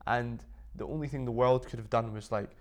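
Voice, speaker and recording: This is a man chatting as an interview guest about his business. His voice sits at a middle pitch, and he tells stories in an animated way. He leans on filler words all the time. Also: a little fast. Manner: animated storytelling, full of "like" fillers. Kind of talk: casual interview chat.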